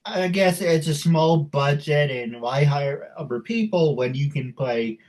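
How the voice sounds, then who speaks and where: Male interview host, loose and joking, slightly high voice. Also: a little slow, a little mellow. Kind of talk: casual interview chat.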